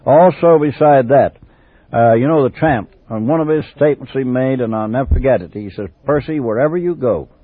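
A man's voice: mid-range voice, a little fast, no room sound, narrow, tinny audio. An older man from England telling his life story for a personal memoir tape, in a rambling, digressive way full of restarts.

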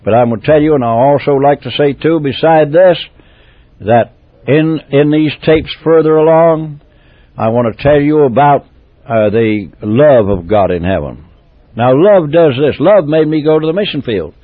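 A man preaching a testimony sermon, swinging from loud exclamations to hushed, tender tones, repeating phrases and restarting as he goes. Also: a little high, lively intonation, normal speed, no room sound. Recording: tinny phone-like dry tape recording.

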